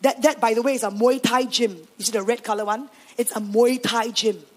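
A Singaporean woman pastor telling her story in a sermon, animated and sprinkling in Singlish particles. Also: on the high side, fairly quick. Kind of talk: sermon testimony.

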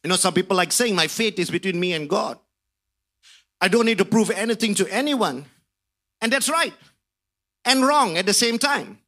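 A man preaching a sermon with fervor, rising to shouts on key phrases and stretching out key words. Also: high-pitched, expressive. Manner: drawn-out emphasis on key words.

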